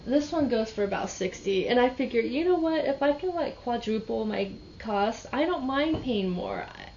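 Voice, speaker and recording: A woman's voice: a little high, animated, normal speed, darkish tone, lo-fi sound, a little hiss or hum. A woman reseller talking casually about her yard sale finds, rambling and restarting her sentences as she tells a story. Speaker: reseller vlogger. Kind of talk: casual chat.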